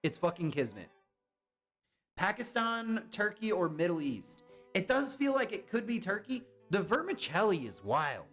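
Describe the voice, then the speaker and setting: A young man talks to his live-stream chat in a casual, chatty way, tossing out guesses and answering viewers as he goes. His voice sits high and swings widely in pitch. Faint music plays underneath. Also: big pitch swings, a little slow, a bit bright.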